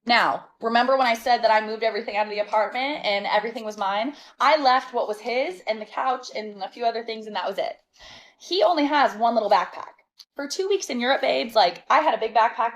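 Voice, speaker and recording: A woman telling a storytime in a casual, animated and sassy way, exasperated and laughing between lines. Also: on the high side, fast, poor audio.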